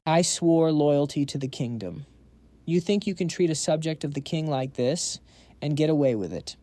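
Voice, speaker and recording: A shrill, stammering noble count, arrogant at first and then cowardly, as a male narrator puts him on. The voice sits high and mellow, with a close, dry sound. It is told in a comic recap. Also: animated, normal speed, no room sound, close to an everyday voice. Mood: indignant. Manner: stuttering, shrill, begging.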